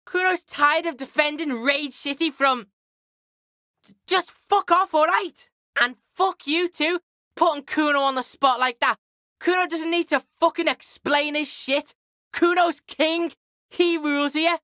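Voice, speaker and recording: A woman's voice: high voice, unhurried, sharp tone, no room sound, clean studio sound. A woman voicing a foul-mouthed, cocky young street boy who brags and talks about himself in the third person. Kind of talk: video game character acting.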